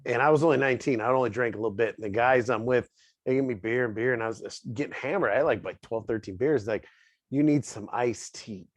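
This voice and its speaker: A man's voice: medium pitch, fast, no room sound. A man in casual podcast chat, rambling and laughing through a story as co-host.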